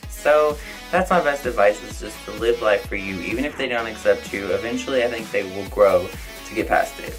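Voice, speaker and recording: A man's voice: mid-range voice, poor audio. A young man chatting through a viewer Q&A for his vlog, open and outspoken, his talk full of "like" and "I don't know". A bit of music plays faintly behind him. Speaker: vlogger answering viewer questions. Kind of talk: casual Q&A vlog.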